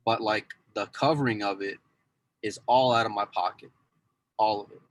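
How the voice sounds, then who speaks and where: Male podcast regular, deeper voice, loose rambling chat with lots of self-corrections. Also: fairly even intonation, normal speed, slight background noise, low-quality recording. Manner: rambling, repeats "go and", many restarts. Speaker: pool news insider and cue dealer.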